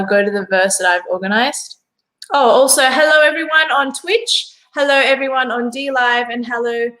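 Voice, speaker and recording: A woman's voice: mid-range voice, pushed and bright, rough recording. A woman from Australia hosting a casual live stream interview, chatty, with many fillers and frequent laughter.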